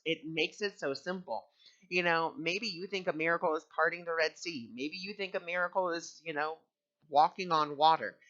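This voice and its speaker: A man's voice: on the high side, bright, forceful tone, highs cut off. A man teaching on spiritual ideas and telling a personal story in an earnest, conversational way.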